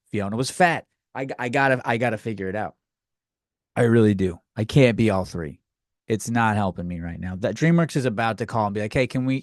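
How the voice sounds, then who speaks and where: An American man hosts his own podcast, answering listener questions in a crude, rambling, self-mocking comedic rant. His voice is mid-range, and the sound is clean studio quality with no echo.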